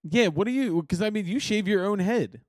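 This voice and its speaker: A man's voice: high voice, brisk, dry recording, studio quality. A young man from Philadelphia hosting a podcast over a video call, laughing often and swearing freely in casual chat. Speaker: podcast host.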